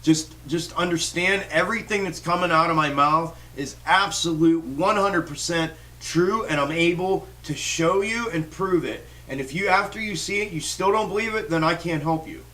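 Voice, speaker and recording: A man's voice: a little high, normal speed, few pauses, bright, forceful tone, far from the mic. A man hosting a stock trading livestream, ranting in a fired-up, profane way with lots of restarts. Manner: fired-up, swears constantly, rambling restarts. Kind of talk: profane live-stream rant.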